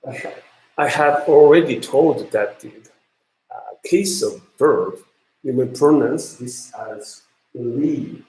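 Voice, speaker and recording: Slow, halting lecturer in an echoey room. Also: male voice, mid-range voice, darkish tone. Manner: halting, many ums and uhs. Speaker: university lecturer. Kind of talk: classroom lecture on pronunciation.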